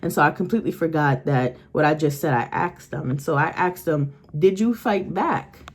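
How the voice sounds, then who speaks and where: A woman with a slightly lower voice tells a spiritual story directly to her viewers. She speaks in a loose, meandering way and keeps pausing to check in with her audience. She is talking at home, with her dog somewhere nearby. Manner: rambling, with many restarts and checks like "okay?" and "right?". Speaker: psychic medium.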